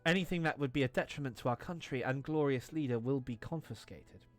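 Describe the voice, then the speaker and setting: A man's voice: medium pitch, fairly quick, soft background music, close to an everyday voice. A man voicing a strict young woman border guard with a put-on Russian accent, speaking in a clipped, officious way.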